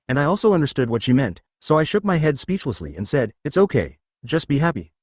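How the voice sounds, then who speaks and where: A man reading a web novel aloud as an audiobook narrator, every line in the same steady narrating voice. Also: medium pitch, no room sound, studio quality.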